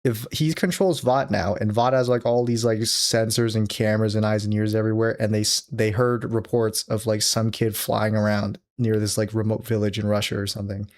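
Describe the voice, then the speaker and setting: A man co-hosting a casual podcast, holding a mock-serious, deadpan line to needle his co-host. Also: on the low side, brisk, few pauses. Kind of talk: casual chat.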